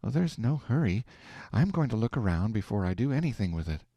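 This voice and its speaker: A man reading aloud, voicing a prim, thrifty wife who speaks gently and reprovingly. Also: on the low side, big pitch swings, brisk, no echo, pitched above the performer's own voice. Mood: patient.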